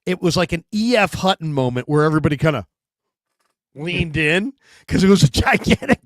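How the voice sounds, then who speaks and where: A man hosting a sports talk show in casual chat, telling stories with lively acted-out quotes. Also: a little high, a little fast, no room sound, studio quality. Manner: animated storyteller, acts out quotes.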